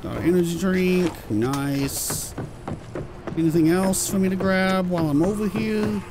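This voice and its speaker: A British man giving excitable let's-play commentary and swearing when surprised. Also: high-pitched, a little slow, background noise. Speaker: gameplay commentator.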